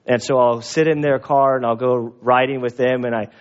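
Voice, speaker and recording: A man's voice: moderate pace, clean tone. A man preaching a conversational sermon, telling a story and acting out the voices in it. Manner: animated storyteller, acts out dialogue with a raised pitch. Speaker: pastor and police chaplain. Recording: dull lo-fi recording.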